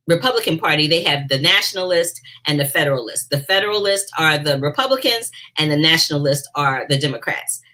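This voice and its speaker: Chatty low-voiced woman film critic. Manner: chatty, animated, addresses viewers directly. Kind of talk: casual movie review chat.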